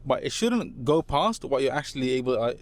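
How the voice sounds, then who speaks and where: Fast-talking man. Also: medium pitch. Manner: animated storyteller, slips into street slang impressions. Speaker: guest. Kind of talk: casual chat.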